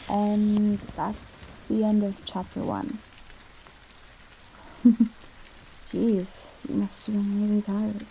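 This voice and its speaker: A woman's voice: mid-range voice, steady tone, drawn-out words, vocal fry, pauses often, mellow, slight background noise, low-quality recording. A woman in whispered role-play as a shy, stammering catgirl reading a book aloud to a listener. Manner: stammering, timid. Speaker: ASMR roleplayer.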